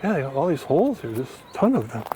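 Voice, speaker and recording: Very animated and fast, a mid-range male voice carries a chatty finance vlog filmed on a handheld phone during a walk through a park, heavy with fillers and rambling. The background is noisy.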